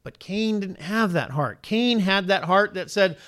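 A man preaching a sermon to a congregation, animated and questioning, his pitch rising sharply on points of emphasis. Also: unhurried, hardly any pauses. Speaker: pastor.

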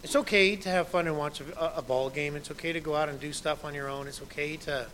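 A man's voice: a little high, fairly even intonation, quick pace, a bit bright, slight background noise, rough recording. A man in his thirties, a pastor preaching a sermon in a conversational way, quoting scripture with emphasis.

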